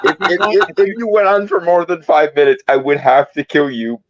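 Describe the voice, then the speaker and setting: A man's voice: a little high, steady tone, moderate pace, muffled recording. A man in a casual group chat who complains in a dry, exasperated way.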